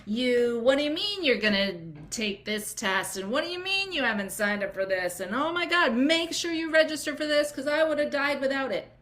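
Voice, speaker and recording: A woman voices a nosy, gushing acquaintance in a raised, breathless pitch. She piles one exclamation onto the next and insists on her advice. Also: expressive, moderate pace, few pauses, a bit bright. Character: pushy, gushing woman handing out pregnancy advice.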